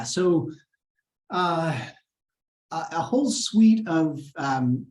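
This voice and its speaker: A man's voice: mid-range voice, a little mellow. Earnest male scientist giving a webinar talk. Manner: earnest, with frequent fillers and restarts. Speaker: scientist giving an award lecture. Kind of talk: webinar lecture and Q&A.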